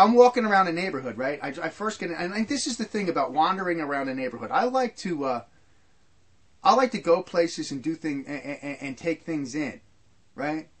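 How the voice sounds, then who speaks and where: A man with a high voice delivers a heated rant straight to the listener. He stumbles, restarts and repeats words as his frustration builds, then pushes on with his complaint. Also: breathy edge. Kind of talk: ranting monologue.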